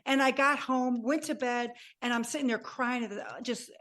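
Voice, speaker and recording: An older woman in her sixties tells her own story as a guest, her somewhat high voice lively and expressive. She slips into the voices of the people she remembers as she goes. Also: moderate pace. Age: 60s. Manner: animated, acts out remembered dialogue. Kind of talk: personal storytelling.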